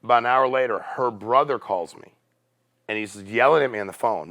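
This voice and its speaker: A man's voice: mid-range voice, a little fast. A middle-aged man telling stories casually to a business meeting, acting out the people in them. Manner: casual, animated storyteller acting out quoted voices. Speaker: company CEO speaking at a sales meeting. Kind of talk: storytelling talk to a business audience.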